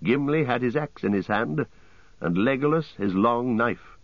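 A man narrating a story audiobook in a measured, steady way. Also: medium pitch, no room sound, muffled recording.

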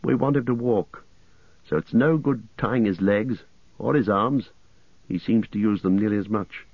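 A stern young hobbit, read by a male narrator, speaks firmly and with measured weight. His voice sits low, and the recording is dry and a little dull. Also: no room sound. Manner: firm, measured.

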